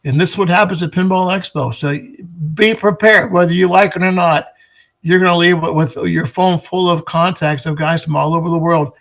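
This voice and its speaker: Man, somewhat high voice, interview guest, event organizer, enthusiastic, promotional, stop-start phrasing. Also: steady tone, moderate pace, creaky, a bit bright. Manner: enthusiastic, promotional, frequent restarts. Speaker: guest, pinball expo organizer. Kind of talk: casual interview chat.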